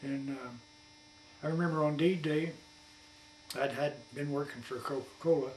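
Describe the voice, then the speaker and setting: A man's voice: a little high, fairly even intonation, unhurried, a little mellow. A man in his eighties, a war veteran, telling rambling folksy stories for an oral history interview at his home. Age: 80s. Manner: rambling folksy colloquial storyteller. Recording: echoey room, distant mic, faint hum.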